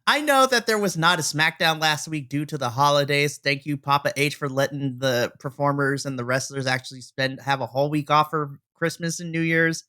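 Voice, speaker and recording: A man co-hosting a casual podcast with a bright, ringing tone. He talks in a relaxed, joking and measured way. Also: on the high side, clean tone. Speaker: podcast co-host.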